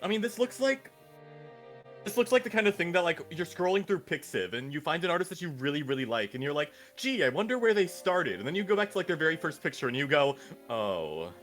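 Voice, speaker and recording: A man, a voice actor, chatting on a game stream with animated, wry commentary. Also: a little high, fast talker, faint music behind. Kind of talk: casual chat.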